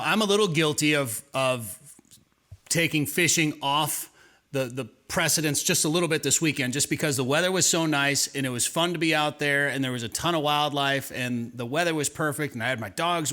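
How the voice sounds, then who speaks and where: A man's voice: fairly high pitch, brisk, pushed and bright. A man hosting an outdoors radio show, telling a fishing story in a loose, rambling way with plenty of restarts and repeated words. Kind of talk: casual radio chat.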